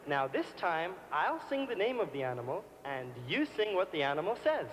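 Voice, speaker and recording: A man with a high voice performs live before an audience, coaxing them along with a childlike manner. His voice rings out with a long reverb in the hall. Audience noise is clearly heard behind him. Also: big pitch swings, moderate pace, few pauses, lo-fi sound. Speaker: comedian performing on stage. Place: large concert hall stage.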